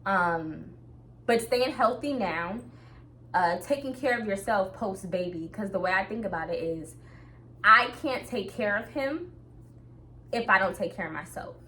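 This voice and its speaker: Young woman, casual vlog, upbeat and motivational, mid pitch, faint background hiss. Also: expressive, a little slow, bright, forceful tone. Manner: upbeat, motivational, laughs often. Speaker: vlogger. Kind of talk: casual talk to camera.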